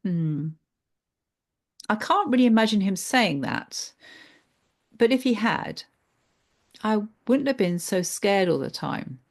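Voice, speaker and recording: A woman voicing an adult male therapy client, who recalls things slowly and haltingly. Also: mid-range voice, big pitch swings, voice pushed up, exaggerated voice. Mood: tentative.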